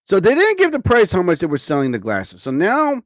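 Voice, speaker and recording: Speaking fairly quickly in a high voice with huge pitch swings, a tired, sleepy man rambles through a casual live-stream chat full of exclamations. The studio mic picks up no room sound.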